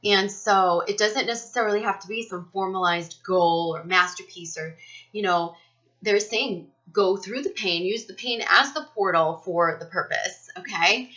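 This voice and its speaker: A woman's voice: lowish voice, sharp tone. A woman giving a casual spiritual energy reading, talking earnestly and rambling with many fillers. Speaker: spiritual reader. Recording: muffled lo-fi recording.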